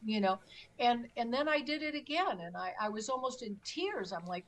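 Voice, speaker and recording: A woman's voice: on the high side, lively intonation, normal speed, a bit bright. A middle-aged woman telling her own story as a guest on a talk show, emphatic, acting out her pleas. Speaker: guest recounting an experience. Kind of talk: conversational storytelling.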